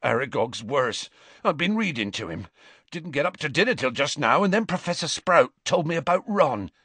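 A man reading aloud and voicing a huge, shaggy, gruff gamekeeper who talks hoarsely and anxiously. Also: fairly high pitch, very animated, normal speed, fairly bright tone, no room sound, pitched above the performer's own voice, full character voice. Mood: worried, out of breath.

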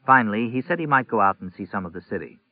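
A man with a low voice reads a novel aloud in a measured, even way. The sound is dry and tinny, like a phone line. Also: no echo. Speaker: audiobook narrator. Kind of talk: novel narration.

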